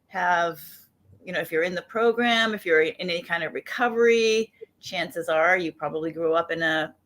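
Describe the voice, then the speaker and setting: A woman guest on a podcast, speaking in a thoughtful, measured way while she recovers from an illness. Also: mid-range voice, a bit bright. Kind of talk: casual chat.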